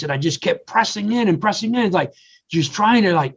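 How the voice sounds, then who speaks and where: A man's voice: high-pitched, a little fast, slightly rough. An older man, a coach and podcast guest, telling personal stories in a casual interview and acting out the quoted voices. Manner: animated storyteller, acts out quotes. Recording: slightly dull lo-fi audio.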